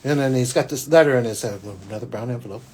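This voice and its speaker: A psychic hosting his own spiritual podcast tells a personal story in a rambling monologue, restarting often and swinging between loud and hushed. His mid-range voice is fast with a breathy edge.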